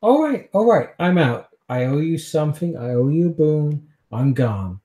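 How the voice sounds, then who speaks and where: A man's voice: a little high, very animated, moderate pace, dark tone, echoey room. A man voicing a cornered male vampire schemer tied to a chair, pleading frantically and swearing. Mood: frantic.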